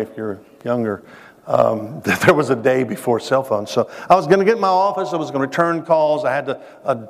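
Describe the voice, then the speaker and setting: A male preacher talks his church through a sermon in a chatty, storytelling way, often asking the congregation questions and pausing for effect. His voice is of middle pitch, and it rings out with a long hall reverb. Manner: conversational, addresses the congregation directly with questions; restarts phrases, dramatic pauses. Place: church sanctuary.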